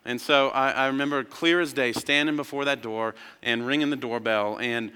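A man in his thirties preaching a sermon, telling a personal story, swinging from excited emphasis down to quiet, hushed lines. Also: medium pitch, moderate pace, clean tone, long reverb tail. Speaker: pastor.

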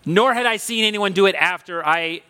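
A pastor with a high, bright, clean voice preaches at a moderate pace, telling his sermon like a personal story, loose and conversational with emphatic swells. A church sanctuary's long reverb lingers behind each phrase.

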